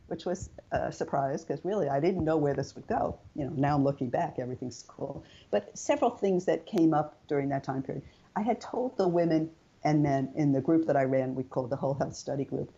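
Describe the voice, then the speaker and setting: An older woman, a guest in an interview, telling her personal story in a chatty, animated way and acting out quoted dialogue. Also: low-pitched, a little fast, husky, lo-fi sound.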